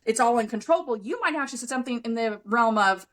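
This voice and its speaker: A woman's voice: a little high, quick pace, poor audio. A woman hosting a podcast, speaking casually and frankly, swearing freely and with emphasis as she coaches her guest on anger. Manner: acts out other people's lines in lively voices. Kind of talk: casual conversational podcast talk.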